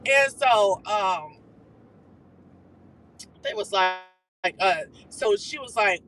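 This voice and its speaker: A live-stream host dishes gossip from behind the wheel, talking quickly and swearing freely. The voice is bright and forceful, with an animated, chatty delivery. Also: mid-range voice, slight background noise, low-quality recording. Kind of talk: casual gossip recap. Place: car while driving.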